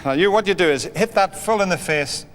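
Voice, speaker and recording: An Irish-accented comedian and snooker entertainer chats and jokes with a live audience between trick shots, teasing them as he goes. His voice sits high with lively intonation and a slightly fast pace, while a loud crowd makes the recording very noisy.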